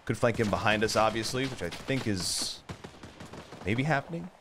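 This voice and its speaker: A man commentating his own gameplay, excitable and joking, who swears and swings between yelling and mumbling. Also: fairly low pitch, moderate pace, background noise. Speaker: gaming YouTuber. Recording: game gunfire and explosions behind the voice.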